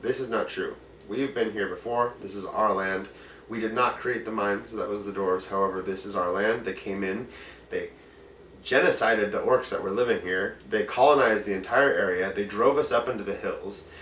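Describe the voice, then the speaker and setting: A man voicing a weary, dignified male orc leader who pleads his case softly and gravely. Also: fairly low pitch, moderate pace, reverberant, recorded from a distance, a little hiss or hum, close to an everyday voice, poor audio. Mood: grave, pleading. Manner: soft, grave and earnest.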